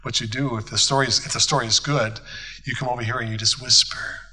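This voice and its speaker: A man's voice: mid-range voice, fairly even intonation, fast talker, pushed and bright, husky, rough recording. A man, a pastor, teaching a church conference group in a folksy, storytelling way, acting out bits of dialogue. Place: conference hall.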